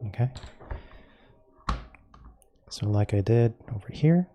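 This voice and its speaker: Male painting instructor, low-pitched and deeply mellow, calm step-by-step demo voice. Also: a little hiss or hum. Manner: calm and unhurried, explaining each step as he works.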